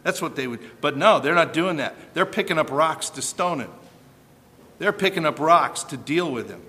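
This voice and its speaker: Animated preacher man in a reverberant hall. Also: a little high, moderate pace. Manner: animated, emphatic preaching with rhetorical questions. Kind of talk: sermon.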